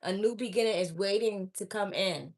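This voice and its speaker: A woman's voice: medium pitch, normal speed. A woman speaking straight to her viewers as an oracle reader, blunt and preachy, scolding them and repeating her points. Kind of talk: direct-to-camera spiritual message.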